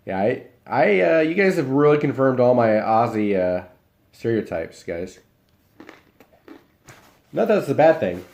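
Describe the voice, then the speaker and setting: A man's voice: medium pitch, slow, vocal fry, pauses often. A young man from Iowa, chatting casually with his live stream viewers and answering their comments while he eats. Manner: relaxed, rambling, talks while eating.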